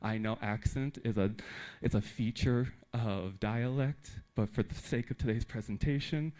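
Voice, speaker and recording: Animated American man giving a talk. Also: medium pitch, a little slow. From United States. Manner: animated, talks with humor and audience asides. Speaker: conference speaker. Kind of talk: live presentation to teachers. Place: theater.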